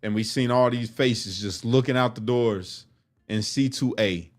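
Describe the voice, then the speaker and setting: A man's voice: mid-range voice, measured pace. A man telling a story from his life in casual, profane talk, acting out what people said. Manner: profane, animated, acts out quotes.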